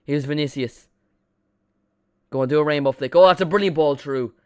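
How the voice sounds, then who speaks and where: A man streaming a live watchalong, giving casual, excitable play-by-play and chatting with his viewers, joking at his own expense. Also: on the high side, normal speed, clear, resonant tone, no room sound, studio quality. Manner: chatty and excitable, jokes about himself.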